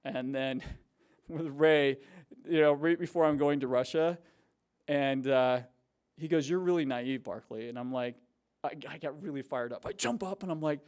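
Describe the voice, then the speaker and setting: A man telling stories to university students in a casual, animated way, with many fillers and restarts. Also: on the high side, normal speed, clear, resonant tone. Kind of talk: casual storytelling talk. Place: university hall before a student audience.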